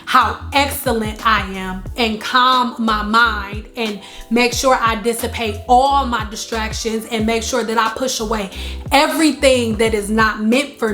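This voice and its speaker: Emphatic woman vlogger, higher voice. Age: adult, married. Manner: emphatic, repeats lines for stress, animated storytelling. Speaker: spiritual vlogger. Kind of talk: casual spiritual talk to camera.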